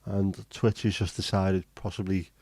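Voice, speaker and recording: Joking host, casual swearer, mellow low voice, dry close sound. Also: male voice, flat delivery, normal speed, husky, no echo. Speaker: livestream host. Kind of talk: casual chat reading viewer comments.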